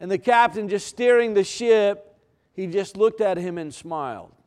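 A male pastor delivering a sermon, leaning on repetition and dramatic pauses to build his points. His voice sits fairly high and sounds smooth and resonant, with occasional fillers and restarts. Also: a little mellow.

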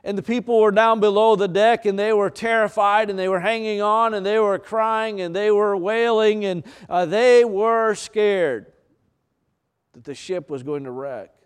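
A man preaching a sermon, building through repetition and dramatic pauses, with some fillers and restarts. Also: sits high, clear, resonant tone. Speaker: pastor.

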